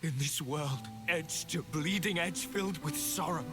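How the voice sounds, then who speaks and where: A man's voice: a little high, unhurried, lightly acted. An actor voicing a bitter, brooding male warrior antagonist in a video game, intense and anguished. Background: game music.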